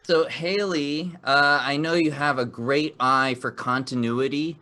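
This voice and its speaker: A man's voice: fairly high pitch, fairly even intonation, unhurried, bright, forceful tone. A man hosting a live improv comedy game show, upbeat and encouraging, laughing often.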